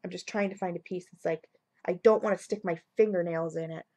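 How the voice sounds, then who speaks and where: A woman's voice: on the low side, fairly even intonation, fairly quick, mellow. Gushing woman with a cold. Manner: gushing, rambling, many fillers. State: has a cold. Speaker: vlogger reviewing wax melts. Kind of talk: casual excited product review. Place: at home at a computer. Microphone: computer mic.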